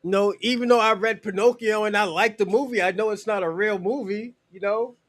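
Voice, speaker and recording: A high-voiced American man chats on a casual livestream, replying to his chat in a loose, profane way, leaning on "you know" and chuckling between points. His tone is steady, a little fast, and a bit bright, and the recording is dry and close.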